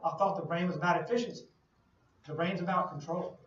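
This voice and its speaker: A man's voice: high-pitched, fairly even intonation, fast talker, a little hiss or hum. A man giving a classroom lecture, explaining with playful everyday analogies and questions to the class. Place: lecture hall. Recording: distant, echoey lo-fi classroom recording.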